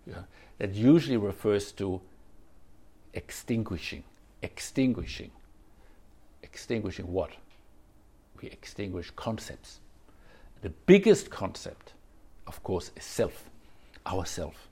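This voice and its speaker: A man giving a reflective dharma talk as a Zen teacher, circling back over phrases and filling pauses with "you know". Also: sits low, sing-song, warm tone, breathy edge.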